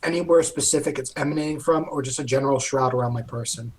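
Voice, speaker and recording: Casting: pushy man player, mid-pitch, slight background noise. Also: quick pace, low-quality recording. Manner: in-character, argumentative, laughing. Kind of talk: casual tabletop game talk.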